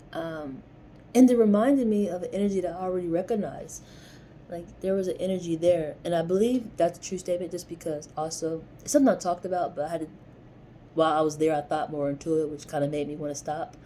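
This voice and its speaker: A woman's voice: fairly low pitch, dark tone, a little hiss or hum. A young woman telling a personal story in a rambling, casual vlog style, dropping slang like "yo" as she goes. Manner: rambling, conversational, slangy with frequent "yo". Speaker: vlogger.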